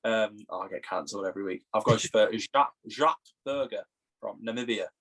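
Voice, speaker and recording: A young English man co-hosting a podcast in casual, teasing banter, quick to laugh at his own jokes. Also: on the low side, a bit bright, slight background noise. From England. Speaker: podcast co-host.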